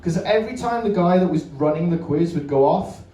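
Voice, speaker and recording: On a comedy club stage, a man does a stand-up set, bantering with the live crowd and swearing freely. His voice is high, expressive, fairly quick, and warm, picked up far from the mic in a roomy recording with audience laughter.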